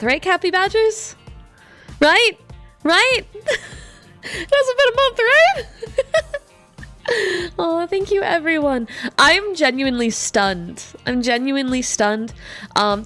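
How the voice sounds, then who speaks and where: A woman's voice: high voice, fairly bright tone. A woman streamer chatting casually while gaming, bubbly and talkative, reading viewers' messages aloud and laughing often.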